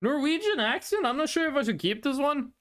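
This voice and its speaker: A streamer in a casual live-stream chat, rambling and excitable and often repeating words. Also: high voice, brisk.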